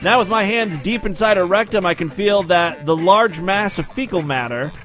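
A man with a notably high voice reads a scripted story aloud. His delivery is brisk and matter-of-fact, with the odd dry aside. Soft music plays quietly behind him. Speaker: narrator.

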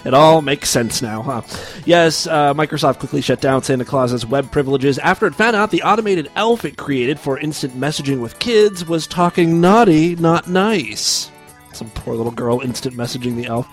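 A man's voice: a little high, expressive, normal speed, soft background music. A man hosting a crude, mocking comedy news show. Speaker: host.

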